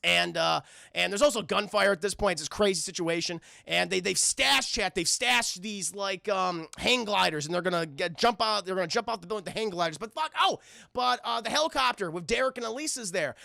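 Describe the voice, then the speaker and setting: A man streams a rowdy, profane episode recap and talks straight to his chat. His voice is high and bright with a gravelly rasp, recorded close and completely dry. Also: fairly quick, dry recording. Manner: animated and profane, addressing chat. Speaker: streamer reviewing a cartoon. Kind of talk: casual livestream recap.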